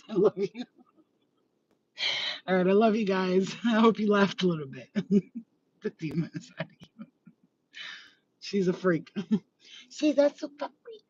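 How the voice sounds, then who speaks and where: A man's voice: high voice, darkish tone, recorded from a distance, lo-fi sound, a little hiss or hum. A man chatting casually to camera in a vlog, flamboyant and bawdy, breaking into laughter often. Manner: giggly, bawdy, flamboyant storytelling. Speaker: vlogger.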